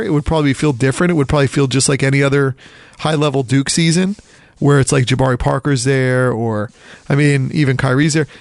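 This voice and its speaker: A man from the Philadelphia area chatting casually about college basketball, rambling and animated, often acting out quotes. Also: on the high side, dry recording. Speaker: podcast co-host. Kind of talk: casual sports chat.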